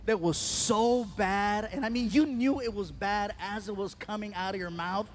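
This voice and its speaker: A male stand-up comedian telling a story on stage, animated and acting out the voices of the people in it. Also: high-pitched, normal speed, slight background noise.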